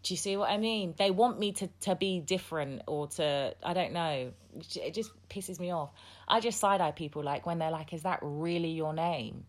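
A woman with a low-pitched voice hosts a podcast conversation. She talks casually and bluntly, swearing freely as she makes her points. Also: moderate pace. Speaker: podcast host.

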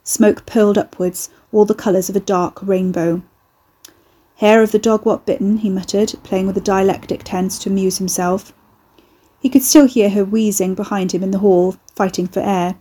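Woman audiobook narrator, steady and even, mellow with a husky edge. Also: medium pitch, moderate pace. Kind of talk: scripted narration.

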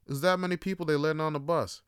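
Man, casual monologue, profane and rambling, smooth voice, dry close sound. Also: on the high side, fairly even intonation, racing, no room sound. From Toronto. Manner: profane, rambling storytelling with many fillers. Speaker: podcast host.

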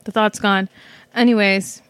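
Woman, podcast host, rambling commentary, filler-heavy, mid-pitched, dry close sound. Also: steady tone, measured pace, smooth, no room sound. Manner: rambling, many fillers and restarts, swears casually. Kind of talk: casual self-reflective commentary. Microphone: microphone.

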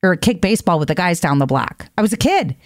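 A woman hosting an opinionated commentary monologue, blunt and emphatic, jumping to high exasperated outbursts. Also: big pitch swings, quick pace, no room sound, clean studio sound. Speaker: host.

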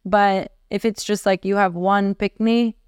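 Chatty woman with a smooth voice. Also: medium pitch, steady tone, a little slow, darkish tone, dry recording, clean studio sound. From Russia. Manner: chatty, searching for words. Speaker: podcast co-host. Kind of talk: casual chat.

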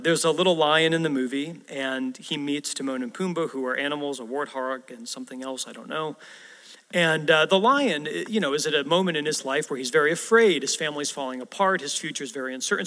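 A man's voice: fairly high pitch, a bit bright. A male pastor preaching a sermon in a conversational way, putting rhetorical questions to the congregation. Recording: long reverb of a large hall.

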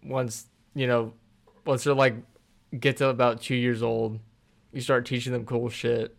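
A man's voice: medium pitch, little pitch movement, a little slow, gravelly. A young man co-hosting a podcast, laid-back and joking, with crude asides. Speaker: podcast co-host. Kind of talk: casual chat.

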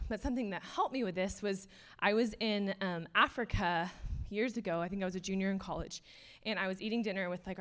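A woman's voice: medium pitch, a bit bright. A young adult woman giving an earnest, casual sermon, full of fillers and passing laughs. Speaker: speaker.

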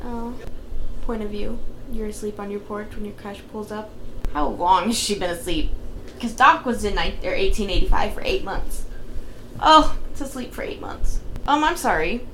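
A young adult woman co-hosting a casual movie-watching podcast, excitable and quick to exclaim, swearing freely. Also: medium pitch. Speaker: podcast co-host. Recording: echoey room, faint noise.

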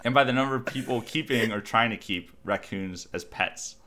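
A man's voice: medium pitch, normal speed, pushed and bright. A man co-hosting a casual group chat, reading out trivia notes in a dry, wry tone. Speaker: podcast co-host.

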